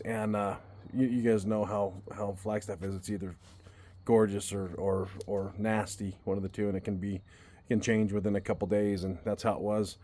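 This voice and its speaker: A man's voice: fairly low pitch, darkish tone. A man telling a personal story to his viewers in a casual, earnest way, often restarting and repeating words as he goes. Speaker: vlogger.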